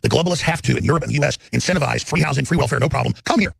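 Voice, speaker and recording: A man's voice: mid-range voice, racing, gravelly, slightly rough, no echo. A man in his forties hosting a talk show, delivering an unscripted, emphatic, rambling live monologue.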